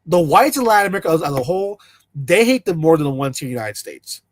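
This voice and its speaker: A man's voice: fairly high pitch, sing-song, fast, no room sound. A man giving mocking reaction commentary and often slipping into parody voices. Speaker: commentary streamer.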